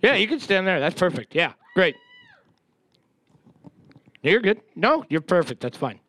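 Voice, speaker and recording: A man's voice: high-pitched, sing-song, a little slow, a bit bright. A man co-hosting a bar trivia night, riffing playfully on the host's jokes and laughing often. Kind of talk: live bar trivia banter.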